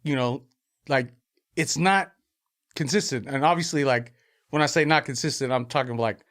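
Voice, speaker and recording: A man chatting as a podcast guest in a mid-pitched voice. He rambles and leans on fillers, circling his point loosely. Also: normal speed, a bit bright. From Filipino family. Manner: rambling, filler-heavy, with many "like"s. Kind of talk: casual chat.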